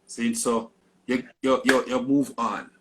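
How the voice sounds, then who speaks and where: A man hosts a casual interview. He asks his questions haltingly, with fillers and restarts, and his voice sits at a mid pitch. A faint noise hums behind him. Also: steady tone. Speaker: interviewer, host.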